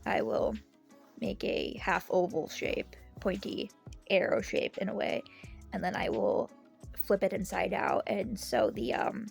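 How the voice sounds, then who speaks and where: A woman with a sick, hoarse voice, chatting casually through a sewing vlog and laughing at herself. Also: medium pitch, big pitch swings, a little slow, soft background music. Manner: chatty, self-deprecating, soft laughs. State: out of breath. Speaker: sewing vlogger. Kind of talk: casual crafting vlog chat.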